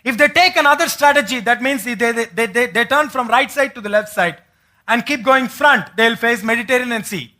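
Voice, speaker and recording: A man's voice: very high-pitched, a little fast, bright, forceful tone. A man preaching a sermon as pastor in a church, asking the congregation questions and acting out the words of biblical figures.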